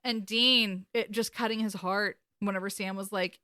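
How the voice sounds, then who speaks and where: A woman co-hosts a casual podcast recap, retelling the story in an animated, emotional way and swearing often. Her mid-range voice is clear and resonant, moving at normal speed with few pauses. The recording is studio quality with no room sound.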